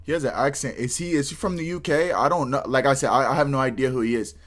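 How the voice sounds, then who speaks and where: A man's voice: medium pitch, fast talker, fairly bright tone. A man hosting a reaction video, talking casually with lots of slang and restarts.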